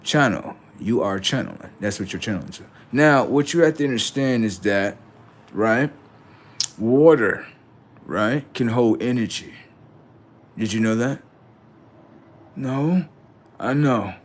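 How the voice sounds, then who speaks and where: A man's voice: mid-range voice, animated, unhurried, long pauses. A man hosting a livestream, lecturing viewers in a brash, confrontational rant full of swearing and repeated "right?". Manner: lectures viewers and reacts to chat. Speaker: livestream host.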